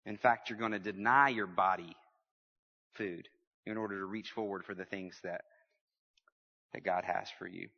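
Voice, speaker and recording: A man preaching a sermon, lively and humorous, calling out to his congregation. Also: low voice, moderate pace, gravelly, long pauses, long reverb tail, lo-fi sound. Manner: lively preaching with humor and audience call-outs. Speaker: pastor.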